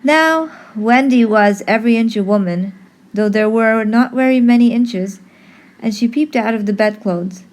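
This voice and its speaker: A woman telling a story in an expressive podcast narration, reading dramatically with pauses. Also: on the high side. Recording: faint background noise.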